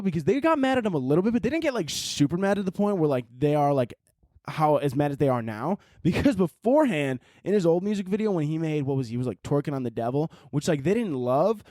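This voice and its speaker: A man's voice: a little high, mellow, dry recording, studio quality. A young man in his twenties hosting a comedy podcast, rambling and profane in a casual rant. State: tired from little sleep.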